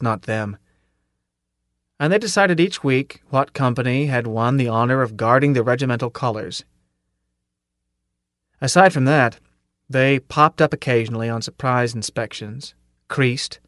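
A man reading first-person audiobook narration in a steady, measured way. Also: mid-range voice, no room sound, clean studio sound.

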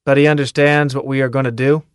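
A man's voice: medium pitch, little pitch movement, quick pace, clear, resonant tone, no echo, studio quality, close to an everyday voice. A man voicing a tough, cocky male drill sergeant who barks and taunts his recruits in an audiobook. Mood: sardonic. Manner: barking, taunting commands.

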